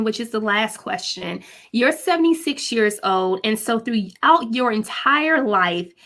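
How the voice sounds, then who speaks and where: Woman host, gentle and encouraging, a bit high. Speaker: talk show host. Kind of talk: interview and sign-off.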